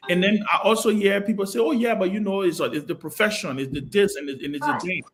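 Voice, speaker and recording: A Liberian man with a notably high speaking voice argues hard in a TV studio panel debate. He pushes his points with fervour, doubling back on words to keep the floor. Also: fast talker. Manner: passionate, repeats words while holding the floor. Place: television studio.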